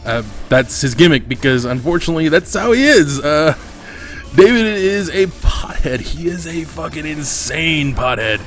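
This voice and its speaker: A man's voice: on the high side, big pitch swings, normal speed, fairly bright tone, soft background music. A man hosting a gaming channel, telling a long personal story over his gameplay in a candid, swearing, rambling way, on a desk mic at home.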